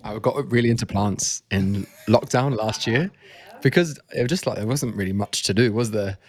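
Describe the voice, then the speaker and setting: A man's voice: fairly low pitch, normal speed, darkish tone. A man hosting a casual podcast, chatty and self-mocking as he tells anecdotes. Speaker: podcast host.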